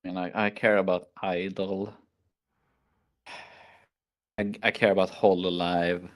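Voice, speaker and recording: A man's voice: low voice, flat delivery, unhurried. A man with a Swedish accent hosting a casual chat stream, rambling through stories and acting out his own reactions. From Sweden. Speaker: stream host.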